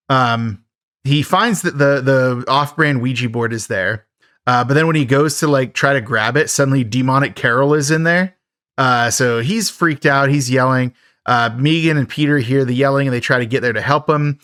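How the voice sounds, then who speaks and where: A man's voice: mid-range voice, moderate pace, a bit bright, smooth, no room sound, studio quality. A man hosting a podcast, recapping a film in a rambling, casual way full of fillers and wry jokes. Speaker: podcast host.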